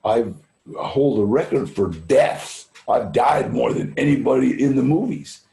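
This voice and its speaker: A man's voice: mid-range voice, unhurried, creaky, dark tone, roomy sound. An older man, a guest speaker, telling laid-back anecdotes in a casual way, dropping "man" and "you know" and acting out the people in his stories. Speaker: guest speaker at a recovery fundraiser.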